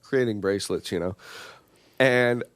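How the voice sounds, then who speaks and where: A man's voice: fairly low pitch, a little slow, no echo. A young man co-hosting a podcast, telling loose family stories with casual swearing and acting out his relatives. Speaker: podcast co-host. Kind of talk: casual chat.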